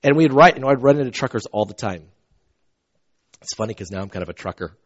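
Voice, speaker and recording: Animated storytelling preacher man, lo-fi. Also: mid-range voice, fast, slightly rough. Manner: animated storytelling, swings from soft asides to loud outbursts. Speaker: pastor. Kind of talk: conversational sermon. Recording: dull lo-fi recording.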